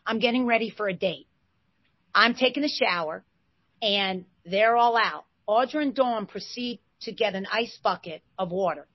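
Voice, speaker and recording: A woman in her forties, a former basketball player, telling stories as an interview guest with lively bursts of excitement. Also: medium pitch, moderate pace, no echo. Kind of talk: animated storytelling. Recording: dull, slightly lo-fi sound.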